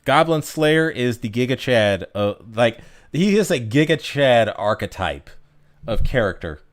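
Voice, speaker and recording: A male streamer chats loosely with his viewers, his pitch swinging up and down as he jokes. He rambles from one comment to the next and often laughs at his own bits. His voice sits at an ordinary middle pitch. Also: big pitch swings, unhurried, faint music behind. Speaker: livestreamer reading chat. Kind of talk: casual livestream chat.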